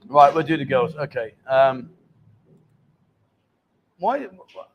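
A man's voice: medium pitch, slow, slight background noise. A man in his fifties hosting a live chat show, joking and teasing guests and viewers in casual banter. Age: 50s.

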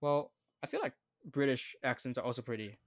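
A man's voice: medium pitch, brisk. Hesitant young Australian-accented man. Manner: hesitant, many fillers and restarts. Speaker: podcast co-host. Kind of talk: casual chat.

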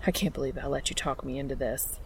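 A woman's voice: rumbling low, steady tone, fast talker, a little hiss or hum, pitched below the performer's own voice. A woman voicing a nervous young man who jokes to hide his fear, speaking tensely. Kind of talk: audiobook reading of fan fiction.

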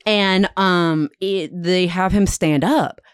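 Woman, lower pitch, dry close sound, casual storytelling, acts out quotes. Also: slow pace, smooth, no echo. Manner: animated retelling, acts out quotes, frequent "like". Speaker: podcast host telling a history story.

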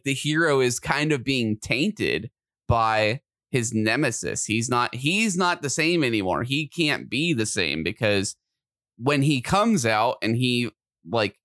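A man co-hosting a podcast in casual chat, excitable and quick to get loud and animated. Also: mid-range voice, no echo, studio quality. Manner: excitable, gets loud and animated when riled. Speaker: podcast co-host.

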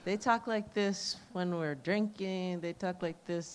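A woman moderating a panel, chatting in a relaxed, good-humored way. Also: on the low side, unhurried. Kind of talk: casual closing remarks.

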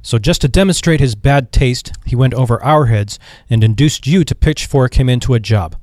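A man's voice: medium pitch, normal speed, darkish tone, no room sound, studio quality, close to an everyday voice. A man voicing a stiff, defiant male office manager who complains in a prim, sour tone.

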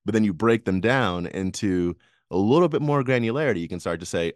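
Low-voiced man in dry casual chat. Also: fairly quick, dry recording. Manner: laughs often, rambling with restarts. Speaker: podcast co-host.

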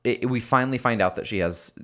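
A man's voice: medium pitch, fast, sharp tone. A young man casually telling a story on a podcast, with many fillers and laughs. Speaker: podcast co-host. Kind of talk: casual chat.

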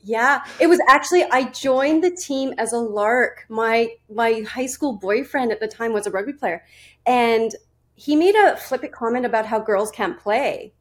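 A woman's voice: fairly high pitch, animated, a little slow, a bit bright. A chatty woman in her forties tells her story as a guest on a podcast. She talks loosely, laughs often and restarts her sentences as she goes. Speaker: guest nutrition and fitness coach. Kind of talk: casual interview storytelling.

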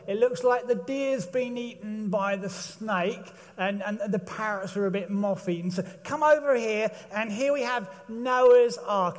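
A man's voice: sits high, big-room sound. A man doing a fussy church museum guide.

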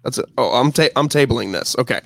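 A man's voice: mid-range voice, expressive, fast, vocal fry, no echo. A man co-hosting a podcast, chatting in an upbeat, rambling way with fillers. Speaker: podcast co-host. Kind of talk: casual chat.

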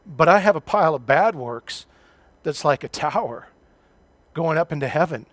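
A man's voice: on the high side, expressive, normal speed, a bit bright, no room sound. A middle-aged male pastor preaching a sermon, telling a personal story with self-deprecating humor.

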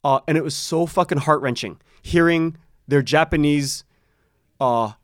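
Male guest, slightly high pitch, rambling storyteller, dry room, restarts a lot. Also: measured pace, dry recording. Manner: rambling, many restarts, laughs often. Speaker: podcast creator, interview guest. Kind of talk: casual conversational interview.

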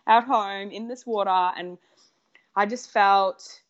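A woman guest telling a personal story in conversation, animated and excited, acting out what people said. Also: medium pitch, slow pace. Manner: animated, excited, acts out quoted dialogue. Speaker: podcast guest. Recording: slightly muffled lo-fi recording.

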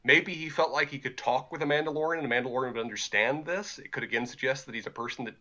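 A man co-hosts a casual podcast, weighing ideas in a thoughtful, measured and hedging way. His voice is bright and a little tense. The recording sounds dull and lo-fi. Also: medium pitch. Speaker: podcast co-host. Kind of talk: casual chat.

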